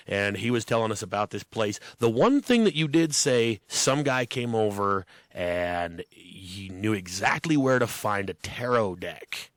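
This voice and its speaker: A man co-hosting a podcast speaks in a relaxed, laid-back way, recapping and reacting in casual chat. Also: on the low side, unhurried, few pauses, dry recording, studio quality. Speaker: podcast co-host.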